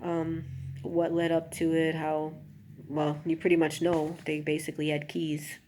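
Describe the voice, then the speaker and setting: A woman with a lowish voice tells her own story in a confessional vlog, speaking straight to her viewers with many asides. She gets emotional as she talks. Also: completely flat delivery, unhurried, slight background noise. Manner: emotional, rising to an anguished near-shout, then subdued. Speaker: vlogger.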